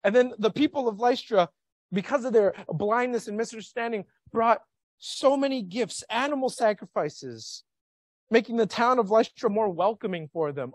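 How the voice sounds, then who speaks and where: Animated male pastor preaching. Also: sits high, normal speed, no room sound. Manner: animated, questioning the congregation. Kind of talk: sermon. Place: church sanctuary.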